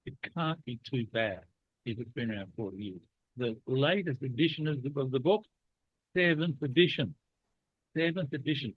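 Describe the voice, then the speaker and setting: A man's voice: mid-range voice, husky, dry recording. A man with a cold hosting a leadership discussion, chatty and playfully teasing. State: has a cold. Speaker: leadership program host. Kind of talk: casual podcast discussion. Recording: dry, tinny phone-like line.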